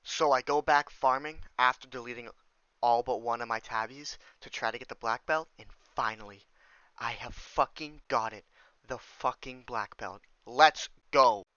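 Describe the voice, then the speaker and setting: A young man narrating his gameplay in a voice-over, ranting and swearing in exasperation, with sudden loud outbursts. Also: mid-range voice, moderate pace, no echo. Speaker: gaming YouTuber. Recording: slightly dull, dry voice-over.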